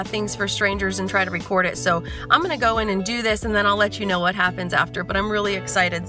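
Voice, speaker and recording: Chatty woman in her thirties vlogging. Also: mid-range voice. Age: 30s. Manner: chatty and effusive. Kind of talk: casual vlog talk to camera. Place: in a car. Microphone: phone.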